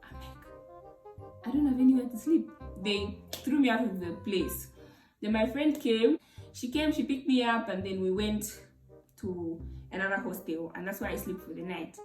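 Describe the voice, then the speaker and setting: A young woman from Zambia with a Zambian English accent, telling a story in an animated, exclamatory way for her vlog. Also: medium pitch, moderate pace. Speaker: YouTuber. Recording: roomy, distant mic, faint music.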